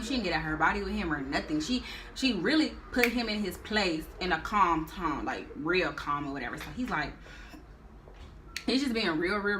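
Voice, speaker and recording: A young woman telling a story in a storytime vlog, animated and slangy, with drawn-out phrasing. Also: medium pitch, slight background noise. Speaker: vlogger.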